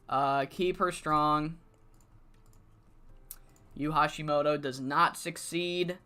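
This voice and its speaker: Slow, crisp-voiced game streamer swearing casually. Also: medium pitch, fairly even intonation, pushed and bright. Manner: rambling, self-talking, swears freely. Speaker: streamer playing a wrestling booking game. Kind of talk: casual live-stream commentary.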